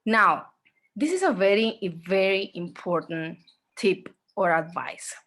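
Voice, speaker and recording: A woman with a mid-range voice leads an online exam-prep lesson. She speaks slowly and repeats key points. She keeps checking in with her students by asking "okay?". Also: mid-range voice, lively intonation, fairly bright tone. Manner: slow, repetitive, checks in with "okay?". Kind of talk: online class lecture.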